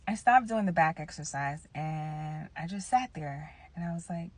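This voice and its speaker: A woman's voice: deep voice, lively intonation, normal speed. Blunt, frank woman in her thirties. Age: 30s. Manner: candid, blunt and emphatic, swears freely and speaks straight to viewers. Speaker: vlogger telling a personal story. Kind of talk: casual storytelling to camera.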